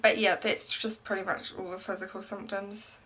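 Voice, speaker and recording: A young woman with a bright voice chats casually to camera in a personal vlog. She rambles, fills her sentences with "um" and "like", and keeps the talk loose and chatty. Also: medium pitch, flat delivery, normal speed. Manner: rambling, many ums and likes. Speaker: pregnancy vlogger. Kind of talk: casual pregnancy update vlog.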